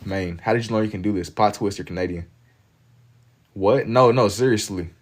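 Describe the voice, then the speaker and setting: This is a laid-back streamer from Kentucky with a deep voice, talking at a normal speed. He draws while casually chatting with his live audience, reading their messages and replying in slangy banter.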